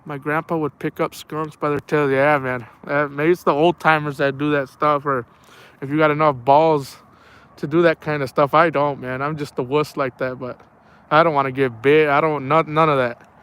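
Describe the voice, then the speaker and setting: This outdoors streamer speaks at normal speed in a clean, fairly bright voice that sits on the high side with a steady tone. He chats casually on a live stream while night fishing near water, rambling through stories and frequently calling people "man" and "bro."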